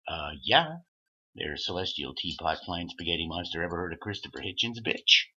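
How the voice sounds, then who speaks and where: A man with a husky, rather low voice rambles through a profane rant and laughs at his own stories. His tone is edgy and sharp, swinging widely up and down. The audio sounds dull and lo-fi. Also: expressive, moderate pace.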